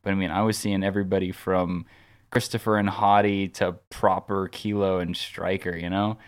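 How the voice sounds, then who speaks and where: A man's voice: sits low, flat delivery, normal speed, smooth. A man co-hosting a podcast, telling a long story in casual chat, rambling with frequent restarts and filler words. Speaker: podcast co-host.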